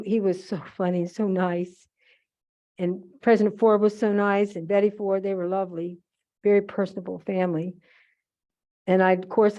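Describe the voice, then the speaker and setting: Older woman, chatty storyteller, rambling asides, mellow voice, muffled archive sound. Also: medium pitch. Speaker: holiday decorating demonstrator. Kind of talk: casual storytelling during a demonstration. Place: museum event room. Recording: muffled museum archive recording.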